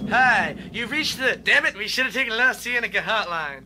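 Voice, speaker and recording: A squeaky, fed-up voice recording a mock phone greeting, as a man puts it on. It sits on a cheap cassette with heavy hiss and clicks. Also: lively intonation, normal speed. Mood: exasperated. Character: grumbling man on an answering machine message. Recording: hissy homemade cassette.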